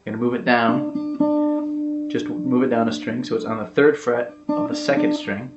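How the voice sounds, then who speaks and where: A man talks through a guitar lesson in a relaxed, unhurried way, full of fillers as he explains each step. His voice sits at a middle pitch. The recording is dull and echoey, with loud guitar strumming throughout. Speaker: guitar teacher. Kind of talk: casual guitar tutorial.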